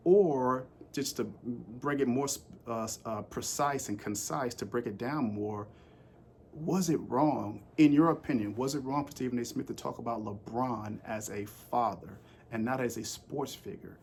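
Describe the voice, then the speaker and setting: Guy doing a chatty sports rant for his channel, medium pitch, trips over his words, keeps asking viewers what they think. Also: unhurried, a little mellow, a little hiss or hum. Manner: rambling, with frequent fillers and restarts; asks the audience questions directly. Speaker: sports commentary vlogger. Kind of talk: casual spoken commentary to viewers.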